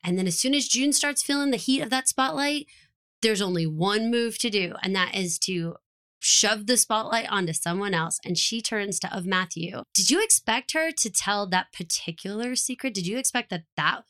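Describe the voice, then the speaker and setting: Woman podcast co-host, lively and quick, mid-pitched, casual recap chat. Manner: animated, quick, acts out quotes from the show.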